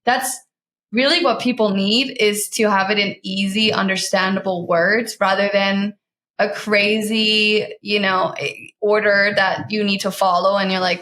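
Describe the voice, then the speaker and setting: A woman hosting a podcast in casual chat, chatty and self-deprecating with quick asides. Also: mid-range voice, steady tone, bright, forceful tone, roomy sound. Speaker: podcast host.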